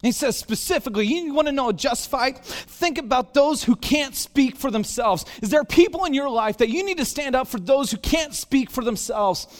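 High-voiced animated male preacher. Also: normal speed, few pauses. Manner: animated, acts out dialogue, self-deprecating humor. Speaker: pastor. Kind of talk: storytelling sermon. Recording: long hall reverb.

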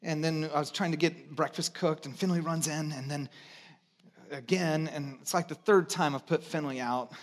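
A man with a notably high voice preaches a sermon with real passion. He leans on repetition, climbing loud and high to drive a point, then dropping to a near-hush for weight. It sounds like a pastor speaking straight to his congregation. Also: steady tone. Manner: impassioned preaching, swinging from loud and high to hushed and low; repeats phrases for emphasis, draws drawn-out quotes.

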